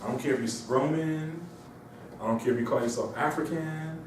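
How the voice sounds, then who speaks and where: A man from Mauritania giving an informal, animated lecture to a small audience, repeating himself and slipping into mocking voices. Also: fairly high pitch, moderate pace, slight background noise. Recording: echoey room, distant mic.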